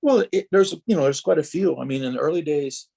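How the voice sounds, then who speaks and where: A man's voice: on the high side, quick pace, gravelly, warm tone, slightly rough. A man who raced for years, telling long rambling anecdotes in a podcast interview and acting out other people's lines as he goes. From Wisconsin. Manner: rambling anecdotes with many restarts and quoted dialogue. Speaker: podcast guest, retired racer. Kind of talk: storytelling interview.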